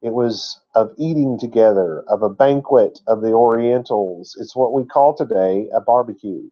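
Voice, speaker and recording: A man's voice: mid-range voice, normal speed, highs cut off. A man teaching a word-by-word scripture lesson in a folksy, chatty way, with asides. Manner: folksy and chatty, laughs at his own asides. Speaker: Bible teacher.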